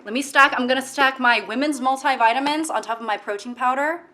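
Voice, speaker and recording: This high-pitched woman talks briskly with a sharp tone, and there's a little hiss or hum in the audio. She rambles and jokes crudely as she does her makeup for a casual home vlog, filling her speech with fillers. Filmed in an echoey room on a camera mic, she at times drifts away from it.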